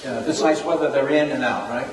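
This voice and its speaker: A man with a New York accent announcing club news at a meeting, chatty and halting, with many fillers. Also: mid-range voice, crowd noise. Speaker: club member presenting new business. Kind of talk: casual meeting talk. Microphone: distant room recording. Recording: echoey hall recorded from far off.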